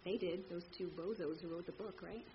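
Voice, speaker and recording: A woman telling her recovery story to a meeting, candid and animated, acting out the people in it. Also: lowish voice, fairly quick, highs cut off, a little hiss or hum. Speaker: speaker sharing at a recovery meeting. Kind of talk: personal story told to a meeting.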